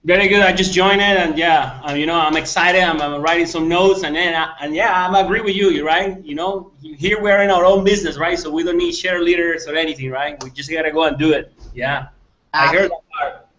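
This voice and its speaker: A man speaks earnestly as a guest on a live video call, often answering with short repeated agreements. His voice sits a bit high for a man and sounds dull and lo-fi over the call. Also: fairly even intonation, brisk, bright, forceful tone. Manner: earnest, repeats 'yeah' and 'very good'. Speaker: guest caller. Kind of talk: casual chat. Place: online video hangout.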